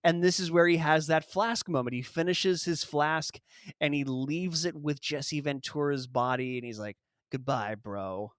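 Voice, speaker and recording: Smooth-voiced wry male podcast host. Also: a little high, dry recording, clean studio sound. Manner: wry, jokey, quick asides, laughs often. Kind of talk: casual film-review podcast chat.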